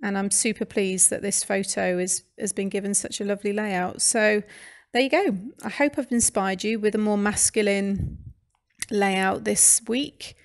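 Her tone is steady and her pace unhurried as this British host of a craft channel talks through a scrapbooking project. The mid-range voice carries a British English accent from the United Kingdom, and the informal narration is peppered with fillers and restarts.

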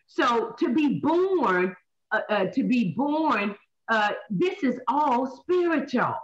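Woman, minister, animated teaching, fairly high voice, very lively pitch, dull lo-fi sound. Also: slow pace. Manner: preachy, repeats points, asks and answers own questions. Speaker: minister hosting a Bible talk show. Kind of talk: animated Bible study teaching.

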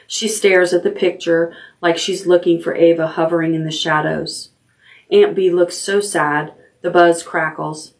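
Librarian lady reading a bedtime chapter book, lowish calm voice. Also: unhurried.

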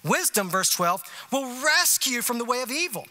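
A man's voice: extremely high pitch, normal speed. A male pastor, preaching a conversational sermon full of rhetorical asides like "you see what I'm saying?". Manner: animated, emphatic delivery. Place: church sanctuary.

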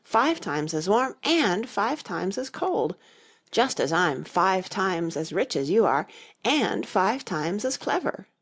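A woman's voice: lowish voice, sing-song, measured pace, husky, heavily acted. A woman reading the part of a stern, bossy elderly queen who lectures emphatically in a fairy-tale audiobook. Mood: haughty.

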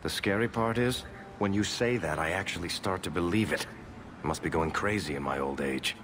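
A man's voice: deep voice, brisk, background noise, lightly acted. An actor playing a wry, loyal middle-aged male dwarf in a game, speaking with dry humor.

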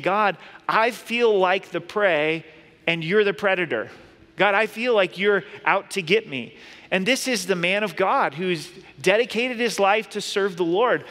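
A man's voice: sits high, fairly bright tone, in a large hall. A middle-aged man preaching a sermon as a pastor, earnest and conversational, with playful everyday asides.

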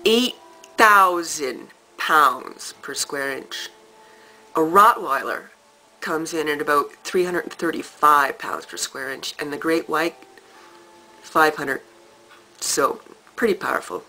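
Woman vlogger, low bright voice, animated and emphatic storyteller. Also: low-quality recording. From Canada. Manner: animated, emphatic, with dramatic pauses. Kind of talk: casual storytelling to camera.

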